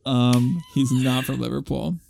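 An animated male podcast co-host tells things in a jokey, dramatic style. His voice is close and dry, with no room sound at all. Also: medium pitch, a little slow, gravelly, no room sound. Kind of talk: casual pop-culture chat, reading a listener letter.

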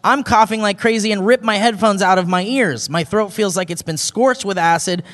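In a live show venue with an audience, a high-pitched man co-hosting a podcast reads out a listener's letter at a moderate pace. Amused and casual, he laughs through it and breaks into shouted impressions. The audio has long hall reverb.

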